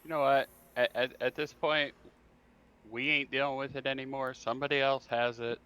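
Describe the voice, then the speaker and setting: A man's voice: mid-range voice, level tone, moderate pace, sharp tone, clear, resonant tone. A man playing a tabletop game, talking emphatically and ranting about plans. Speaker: player. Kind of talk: casual game chat.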